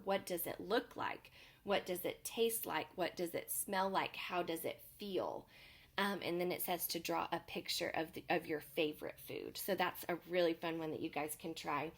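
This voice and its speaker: A preschool teacher explaining home activities to parents in a video tutorial, talking in a friendly, explanatory way with many "um" fillers. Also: female voice, lowish voice.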